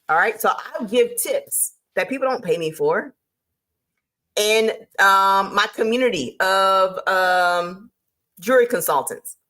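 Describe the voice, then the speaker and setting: A woman hosting a motivational talk on business, lively and emphatic, laying out her points like a teacher. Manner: lively and emphatic, with sudden jumps in pitch; teacherly, lays out numbered points. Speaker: host.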